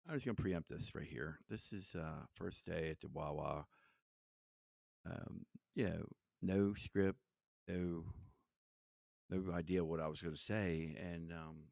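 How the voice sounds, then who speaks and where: A man's voice: deep voice, creaky, a little mellow, no room sound. A middle-aged man hosting a livestream, rambling casually through a story. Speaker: livestream host. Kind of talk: casual live commentary.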